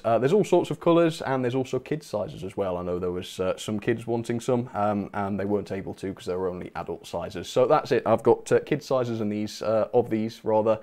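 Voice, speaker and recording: A channel host with a lowish, mellow voice runs a live stream, chatting casually and reading out viewer messages with bursts of enthusiasm.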